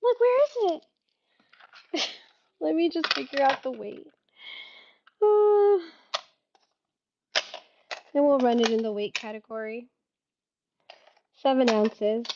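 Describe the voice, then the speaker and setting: A woman's voice: high-pitched, slow pace, long pauses, dull audio, background noise. A woman hosting a casual live-stream sale, chatty and giggly, often laughing at herself.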